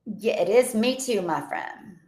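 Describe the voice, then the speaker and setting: An upbeat woman with a hoarse voice, chatting with viewers in a motivational coaching live stream from her home. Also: medium pitch, measured pace, echoey room. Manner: energetic, motivational, chatty with frequent laughs. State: hoarse voice from a long event. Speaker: online business coach.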